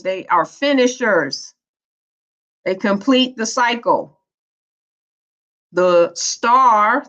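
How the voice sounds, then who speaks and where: Slow-talking woman spiritual teacher, lo-fi. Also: medium pitch, a bit bright. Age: 50s. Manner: preachy, playful, colloquial, laughs often. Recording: dull lo-fi recording.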